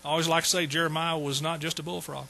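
A man's voice: a little high, flat delivery, fast, gravelly, sharp tone, a little hiss or hum, low-quality recording. A man preaching a sermon in a folksy, joking way. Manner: folksy, joking asides to the congregation. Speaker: pastor.

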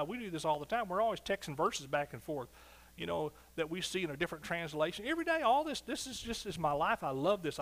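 Animated preaching pastor, fairly high voice. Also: male voice. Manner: animated, swings between soft asides and loud exclaiming. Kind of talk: sermon.

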